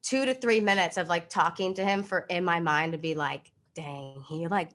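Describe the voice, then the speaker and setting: A woman's voice: lowish voice, expressive, brisk, a bit bright. A young woman co-hosting a podcast, telling a story in a chatty way with lots of "like". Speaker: podcast co-host, former sideline reporter.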